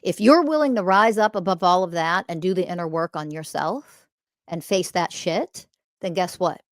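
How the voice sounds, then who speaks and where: A woman hosting a podcast, delivering a confrontational, profane ranting monologue that swings from loud emphasis to quiet muttering. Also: on the low side, normal speed, no room sound, studio quality. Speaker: podcast host.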